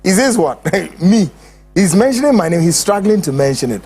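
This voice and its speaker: Ranting Ghanaian man, husky and lively. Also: high-pitched, normal speed. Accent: Ghanaian English. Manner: ranting, insulting, repetitive. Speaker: host. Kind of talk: heated commentary.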